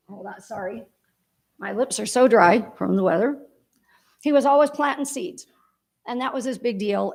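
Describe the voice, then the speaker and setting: A woman's voice: medium pitch, creaky. A woman giving a heartfelt, rambling eulogy for her father at a church memorial service.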